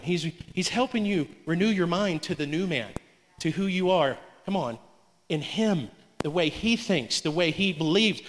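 A man's voice: on the high side, in a large hall. A man preaching a sermon to a congregation in a church, urging call-and-response from the pews. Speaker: pastor. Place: church sanctuary.

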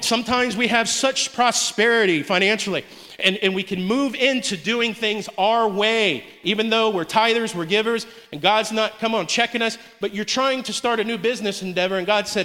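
A man's voice: high voice, sharp tone, long reverb tail. A man preaching a sermon to a congregation in a church, urging call-and-response from the pews. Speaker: pastor. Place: church sanctuary.

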